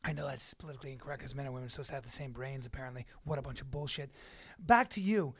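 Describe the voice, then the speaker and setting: A middle-aged man co-hosting a podcast in casual banter, animated and teasing, often mimicking others. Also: medium pitch, rapid-fire, breathy edge. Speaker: podcast co-host.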